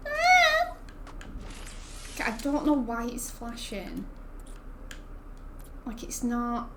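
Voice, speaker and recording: A woman's voice: fairly high pitch, takes it slowly, very noisy. A young woman, chatting casually and rambling while she streams a game, laughing often. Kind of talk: casual gaming stream chat.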